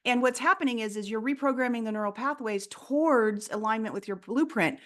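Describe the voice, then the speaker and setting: A woman's voice: on the high side, fairly quick, a bit bright. A woman talking as a guest in an interview, explaining her approach earnestly and acting out quoted people along the way. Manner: earnest, explanatory, often acts out quoted voices. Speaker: guest, fear coach. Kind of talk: casual interview talk.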